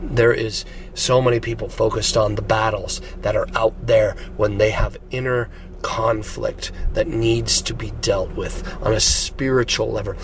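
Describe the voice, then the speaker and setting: Man, casual conversational preacher; low voice, faint background noise. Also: flat delivery, a little slow. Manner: conversational, checks in with "right?". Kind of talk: sermon.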